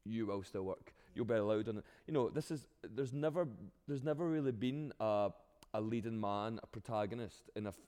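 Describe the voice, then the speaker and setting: Glaswegian man, actor in interview, lively, stumbling restarts, long hall reverb. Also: fairly low pitch, normal speed, clear, resonant tone. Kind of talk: interview answers.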